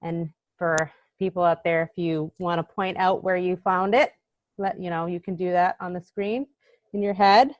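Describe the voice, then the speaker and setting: A woman's voice: fairly low pitch, steady tone, moderate pace, no room sound. A woman teaches children over a video call, speaking to them directly in a cheerful, encouraging way. The sound is dry and a little dull. She keeps an easy, friendly pace. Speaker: EFT tapping instructor for children. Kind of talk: live virtual class for kids.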